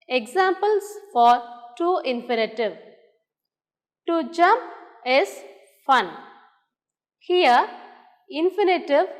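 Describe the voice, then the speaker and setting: A woman with a Tamil English accent teaching an English grammar lesson, dictating examples word by word. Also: high voice. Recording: roomy hall with long echo.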